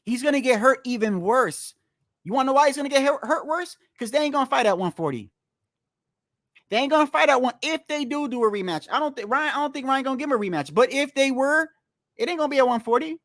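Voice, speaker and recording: A man's voice: very high voice, lively intonation, fast talker, fairly bright tone, no echo, clean studio sound. A man giving a heated, profane boxing commentary rant, repeating his points for emphasis. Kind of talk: ranting vlog commentary.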